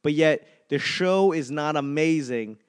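A man's voice: a little high, measured pace, clear, resonant tone. A man in his thirties hosting a casual solo podcast, rambling and self-mocking with plenty of swearing. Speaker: podcast host.

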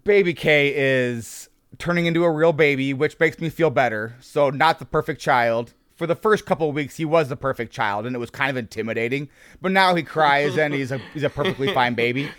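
Male podcast host, slightly high pitch, dead-dry read, chatty and rambling. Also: fairly quick, a bit bright, no echo. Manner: upbeat, rambling with many fillers and restarts. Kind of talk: casual podcast chat.

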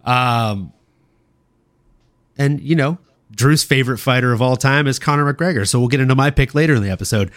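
A man from Louisiana hosting a casual livestream podcast, excitable and swearing freely, often laughing. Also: mid-range voice, fairly quick, long pauses. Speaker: podcast host.

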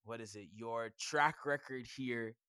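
A man with a hoarse, scratchy edge on an otherwise smooth, clear voice, chatting casually as a podcast co-host. He laughs easily and tells stories at a relaxed middle pitch. The sound is close and dry, with no room behind it. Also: unhurried, no echo. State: hoarse, losing his voice. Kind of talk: casual chat.

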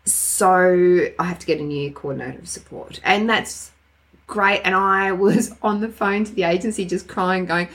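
A woman's voice: lowish voice, normal speed. A middle-aged Australian woman co-hosting a casual podcast chat, telling candid stories and acting out the dialogue in them. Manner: candid storytelling with animated quoted dialogue. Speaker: podcast co-host.

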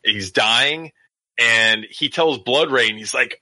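A man recapping a movie in casual podcast chat, rambling with lots of fillers and quick acted-out quotes. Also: mid-range voice, bright, forceful tone, no room sound. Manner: rambling, many fillers, acts out characters in quick voices. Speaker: podcast co-host.

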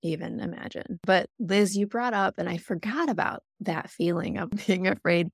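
Low, gravelly-voiced woman chatting candidly. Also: normal speed, no echo, studio quality. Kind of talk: candid casual chat.

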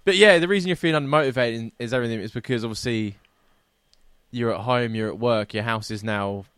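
A man's voice: mid-range voice, a little fast, fairly bright tone, smooth, dry recording, studio quality. A British man hosting a casual podcast, chatty and laughing often, reading out listener emails. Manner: chatty, laughs often, says "you know what I mean". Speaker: podcast host.

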